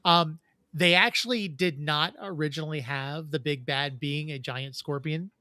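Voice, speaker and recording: A man's voice: a little high, normal speed, bright, forceful tone, no echo, studio quality. A man co-hosting a casual fan podcast, explaining trivia at length with frequent restarts. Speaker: podcast co-host.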